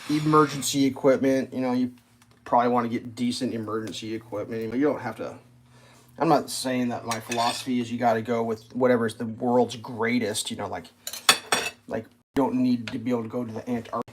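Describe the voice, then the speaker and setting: Fairly quick and level in tone, this man's medium-pitched voice comes with slight hiss or hum. He is a channel host at a breakfast table, casually ranting in a rambling, profane way full of fillers.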